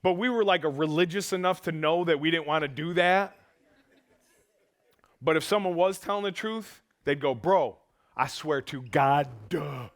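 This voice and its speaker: A man preaching a sermon in a church, animated, acting out quotes and swinging from loud bursts to hushed tones. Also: high voice, normal speed. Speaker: pastor. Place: church auditorium.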